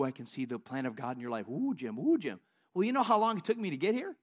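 A man pastor preaching a sermon, telling stories in an animated way and laughing often. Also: high voice.

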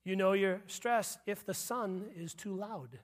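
A man's voice: high-pitched, unhurried. A man preaching a sermon as pastor, joking with the congregation and repeating punchlines. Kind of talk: sermon with humor.

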